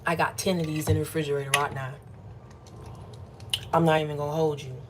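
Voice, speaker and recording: A woman's voice: deep voice, flat delivery, fast talker, background noise. Playful chatty woman streamer. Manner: playful, chatty, calls listeners "baby" and "y'all". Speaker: motivational livestream host. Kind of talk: casual late-night livestream pep talk.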